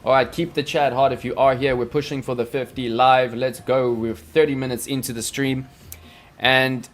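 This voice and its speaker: Speaking at a moderate pace with a medium pitch and flat delivery, this man hosts a casual crypto trading live stream. He explains how to read charts with plenty of jokes, chatter, and filler words while faint background music plays.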